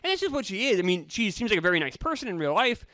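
A man co-hosting a casual film-review chat, animated and incredulous as he teases his co-host. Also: high voice, racing, no room sound, studio quality. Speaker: podcast co-host.

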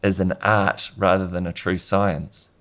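Slow, low-voiced New Zealand man. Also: flat delivery, fairly bright tone. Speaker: researcher guest. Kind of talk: interview answers.

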